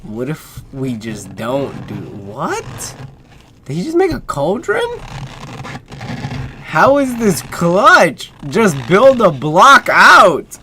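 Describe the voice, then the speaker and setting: A man's voice: high-pitched, wildly swooping pitch, drawn-out words, sharp tone, a little hiss or hum. A man streaming casual reaction commentary, hyped and slangy, talking back at the screen.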